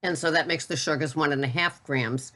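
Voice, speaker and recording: A middle-aged woman with a Boston accent talks casually to her viewers about groceries. Her voice sits low. She is chatty and blunt, with a teasing edge. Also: brisk, fairly bright tone. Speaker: keto vlogger. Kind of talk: casual product talk to camera.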